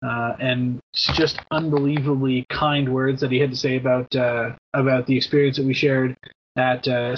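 A man in his thirties hosting a podcast in casual chat, rambling through shout-outs with many fillers and the odd swear word. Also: medium pitch, breathy edge. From Canada. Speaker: podcast host. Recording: dull lo-fi podcast audio.

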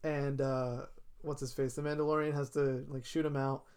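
A man in casual chat, recapping a TV episode and acting out characters' lines in quick asides. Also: mid-range voice, level tone, a little mellow, clean tone.

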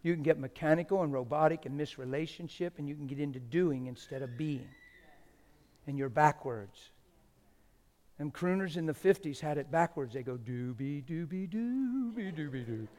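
High-voiced, fervent male preacher. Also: normal speed, in a large hall. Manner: swings from shouting excitement to near-whispered intimacy; playful, laughing asides to the crowd. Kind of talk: animated sermon.

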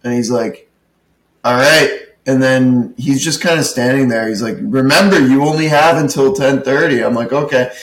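A man's voice: mid-range voice, normal speed, reverberant, low-quality recording. A man hosting a podcast, telling a profane story with lots of acted-out dialogue. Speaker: podcast co-host, comedy show producer. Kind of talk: casual storytelling rant.

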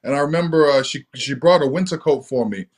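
A man from England, a guest in an interview, telling stories from his youth in a relaxed, easygoing way with lots of "you know.". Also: fairly high pitch, brisk. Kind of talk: relaxed storytelling.

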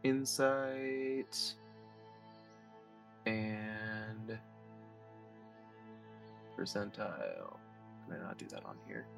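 A man's voice: on the low side, expressive, extremely slow, gravelly, pauses often, fairly bright tone, soft background music. A man playing in a tabletop game, asking questions in a casual way. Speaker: player.

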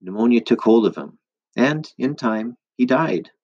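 A man voicing a wise, gentle old woman who explains things to a grieving man in a calm, measured way, in a dull lo-fi recording. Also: medium pitch, husky.

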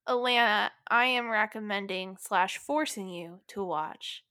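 A woman co-hosting a podcast in casual chat, animated and giggly, swearing freely and filling her talk with "like". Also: medium pitch, unhurried, dry recording, clean studio sound. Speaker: podcast co-host.

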